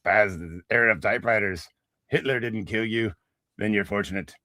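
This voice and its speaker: A man's voice: on the low side, normal speed, pushed and bright, no room sound. A man putting on a robotic Irish typewriter. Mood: eager. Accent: Irish, put on. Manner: stiff robotic delivery. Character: robotic talking typewriter from the future, Irish-accented.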